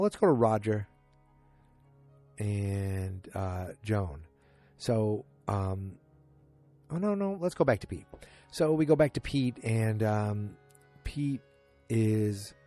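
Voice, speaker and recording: A man with a low, mellow voice talks through a show recap, rambling and correcting himself as he goes. He loosely acts out the characters' lines in his own voice. Faint music plays behind him. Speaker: podcast host. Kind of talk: casual solo episode recap.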